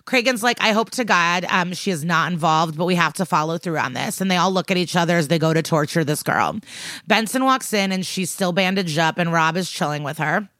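A woman's voice: fairly low pitch, a little fast, fairly bright tone, no echo. A woman co-hosting a podcast, retelling a TV episode in casual chat and quoting the characters as she goes. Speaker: podcast co-host.

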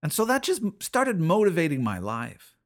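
Middle-aged male podcast host, slightly higher voice, earnest and searching, restarts and repeats lines. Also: wildly swooping pitch, moderate pace. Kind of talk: personal faith reflection.

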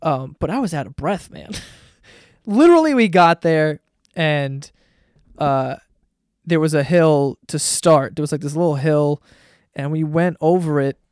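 A man's voice: fairly high pitch, a little slow, long pauses, a little mellow, smooth, dry recording, studio quality. Rambling, profane podcast guy. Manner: rambling, profane, laughs often. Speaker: podcast host. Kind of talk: casual solo storytelling.

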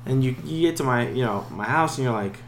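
A man's voice: mid-range voice, expressive, fast talker, echoey room, a little hiss or hum. A man co-hosting a casual chat, telling a story in an easygoing way. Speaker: podcast co-host.

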